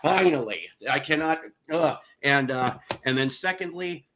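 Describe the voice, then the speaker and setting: A man's voice: medium pitch, sharp tone. Rambling, profane guest man. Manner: rambling, self-mocking, profane. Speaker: guest, show host. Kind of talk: casual chat.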